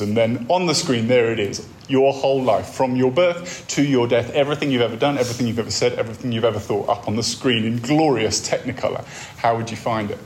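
A man delivers a talk on a faith course in a wry, conversational storytelling manner. His voice sits at an ordinary middle pitch, and he draws listeners in with imagined scenes and dry asides. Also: fast talker, hardly any pauses, a little hiss or hum. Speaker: course speaker.

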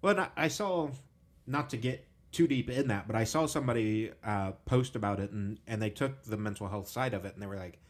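A man's voice: lowish voice, brisk. A man hosting a podcast, talking frankly and casually about personal struggles and swearing freely. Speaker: podcast host. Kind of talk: candid conversational podcast talk.

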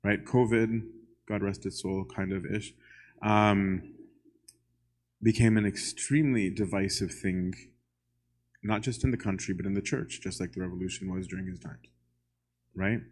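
Man, low-pitched voice, church lecture, conversational, poses questions to listeners. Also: fairly even intonation, moderate pace, long pauses, a little mellow. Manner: conversational, often asks "right?"; poses questions straight to the audience.

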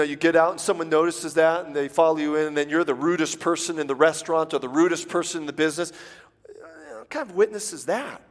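A man giving a folksy sermon as a guest preacher, acting out little everyday exchanges. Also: a little high. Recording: long hall reverb.

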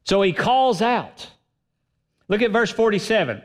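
A man preaching a sermon as pastor, emphatic and swinging between loud and soft delivery. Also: high-pitched, very animated, measured pace.

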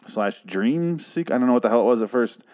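A man's voice: medium pitch, lively intonation, fast, darkish tone. A man hosting a solo TV review podcast, chatting casually in a rambling, profane and jokey way. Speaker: podcast host reviewing a TV series.

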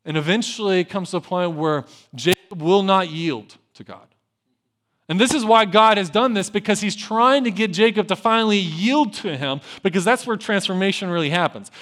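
Animated high-voiced male preacher. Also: normal speed. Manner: animated, swings between loud emphasis and hushed asides; acts out biblical dialogue with conversational humor. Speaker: pastor. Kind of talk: sermon.

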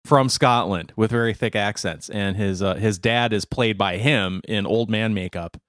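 A man with a lowish voice chats casually as a podcast co-host. He laughs easily and drops into joking accents for quotes. The sound is dry and close, with no room around it. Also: moderate pace, fairly bright tone, no room sound. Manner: laughs often, slips into mock accents when quoting. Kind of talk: casual chat.

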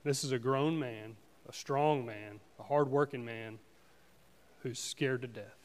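A man giving a personal testimony at a church service, speaking earnestly and haltingly with frequent restarts. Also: mid-range voice, in a large hall. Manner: earnest, halting, with many restarts and "you know"s.

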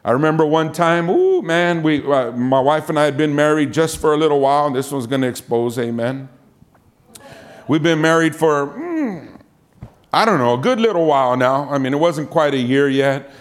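In a storytelling sermon, a man preaches through a personal story, animatedly acting out the voices he quotes and saying "amen" often. His voice is a little high, and he speaks fairly quickly.

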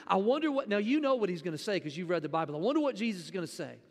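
A man preaching a sermon in a relaxed, conversational way, often repeating words as he restarts his sentences. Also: high-pitched, racing. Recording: long hall reverb.

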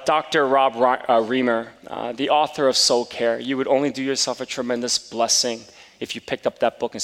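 A man's voice: medium pitch, a bit bright. A man preaching a sermon, telling a personal story with quoted dialogue. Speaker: pastor. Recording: long reverb of a large room.

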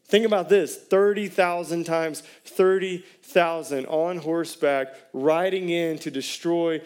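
A man's voice: fairly high pitch, fairly even intonation, unhurried, darkish tone, clean tone. A man, a pastor preaching a sermon in a conversational way and putting questions to the congregation.

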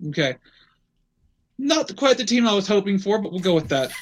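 A man with a high-sitting voice, talking a little fast, is interviewed about his embroidery work. He's relaxed, telling stories casually and saying "you know" often, and the recording is rough.

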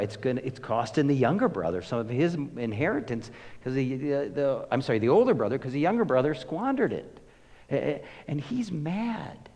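A pastor preaching a sermon, telling the story with emphasis and swinging between loud and hushed delivery. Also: male voice, medium pitch. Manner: emphatic storytelling, rises and drops in volume. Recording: echoey hall with long reverb.

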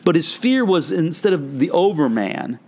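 A man's voice: a little high, big pitch swings, moderate pace, a little mellow. An older man, a pastor and author, talking in a casual, reflective way and rambling as he tells stories in a podcast conversation. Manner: reflective, rambling storyteller with frequent restarts.

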